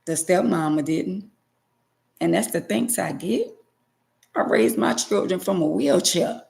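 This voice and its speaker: Woman, middle-aged, gravelly fry, emphatic preachy testimony, vlog to viewers. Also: fairly low pitch, measured pace, long pauses, a little mellow. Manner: emphatic, preachy, repeats phrases for stress. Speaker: vlogger. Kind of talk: emotional personal testimony to viewers.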